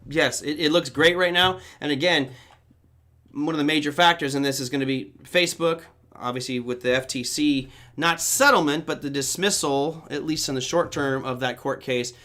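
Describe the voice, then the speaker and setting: Bright-voiced middle-aged male market host. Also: medium pitch, moderate pace. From Germany. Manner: casual, rambling, thinks aloud while charting. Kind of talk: live market analysis stream.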